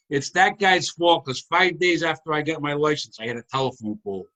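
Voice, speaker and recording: A man's voice: a little high, moderate pace. A man in his sixties from Rhode Island, hosting a casual chat and telling rambling comic stories about his past. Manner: rambling comic storyteller, animated. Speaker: host.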